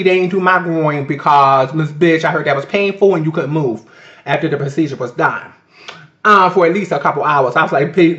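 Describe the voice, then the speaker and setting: Guy talking to his webcam, high sharp voice, swears a lot, calls everyone miss girl, echoey dull audio. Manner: profane, chatty, addresses viewers as "Miss Girl". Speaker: vlogger. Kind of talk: casual storytelling to camera.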